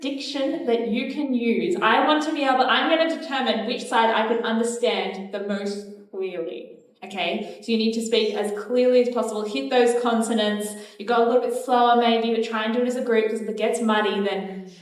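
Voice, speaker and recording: A woman's voice: a little high, fairly even intonation, brisk. A young woman teaching a church class, retelling a Bible story in a chatty way and leading group recitation. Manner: chatty, uses fillers, directs the group. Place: church hall. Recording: echoey hall from far off.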